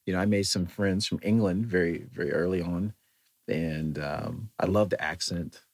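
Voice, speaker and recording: A man's voice: deep voice, normal speed, gravelly, a little mellow. An American man talking in a thoughtful, meandering way, with many fillers and restarts, in a reflective solo monologue. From United States.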